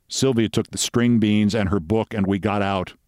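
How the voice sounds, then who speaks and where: A man reading a comic mystery story aloud in a steady, dry storytelling voice. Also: lowish voice, moderate pace, no echo. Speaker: narrator.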